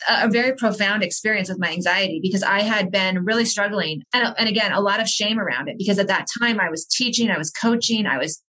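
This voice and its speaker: A woman's voice: medium pitch, fast talker, hardly any pauses, pushed and bright, low-quality recording. Earnest woman sharing her story. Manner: earnest, reflective, with frequent restarts. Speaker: author and coach, podcast guest. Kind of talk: candid personal conversation.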